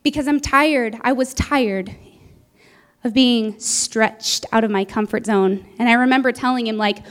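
A woman's voice: on the high side, a little slow, a bit bright, clean tone. A woman preaching a sermon, telling a personal story in an earnest way and acting out what she said back then. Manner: earnest, storytelling, acts out her own past words.

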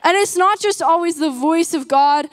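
A woman's voice: very high-pitched, moderate pace, in a large hall. A woman giving an earnest, emphatic sermon to a live audience and asking them questions. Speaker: preacher.

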